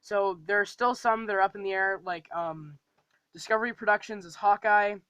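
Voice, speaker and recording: A man's voice: high-pitched, steady tone, normal speed, bright, forceful tone, clean tone, dry recording, rough recording. A man casually running through a fan series plot and casting call, rambling with frequent ums and restarts.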